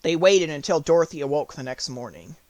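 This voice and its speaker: A man reading an audiobook, narrating the story in clear, even tones. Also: on the high side, fairly quick, dry recording.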